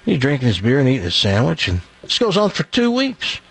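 A man's voice: medium pitch, wildly swooping pitch, brisk, vocal fry, husky. A middle-aged man hosting a radio show, telling a rambling joke and doing a live ad read in a chatty way. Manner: chatty, rambling, chuckling at his own jokes.

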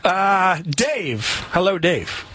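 A man's voice: high-pitched, very animated, drawn-out words, pushed and bright, a little hiss or hum. A man hosting a radio call-in show, joking and laughing easily with callers. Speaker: radio talk show host. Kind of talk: casual call-in chat.

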